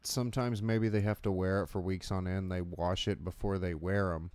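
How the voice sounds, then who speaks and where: Low-voiced, crude movie-commentary guy. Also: fairly even intonation, moderate pace, a little mellow, clear, resonant tone. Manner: crude, rambling, swearing a lot. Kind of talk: casual chat.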